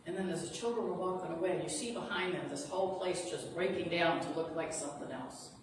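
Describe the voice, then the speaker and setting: In the sanctuary of a spiritual center, a woman reverend retells a story during her sermon, sounding earnest and reassuring. Her voice is on the low side and a little fast, recorded from far off in an echoey, noisy hall.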